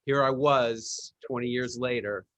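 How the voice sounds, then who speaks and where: A man's voice: mid-range voice, steady tone, measured pace, a bit bright, no echo. A male host interviewing a guest, eagerly sharing a personal story.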